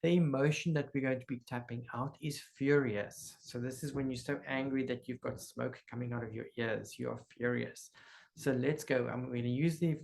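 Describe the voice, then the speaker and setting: A man leading a group healing session, giving calm, slow, instructive guidance. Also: mid-range voice, creaky.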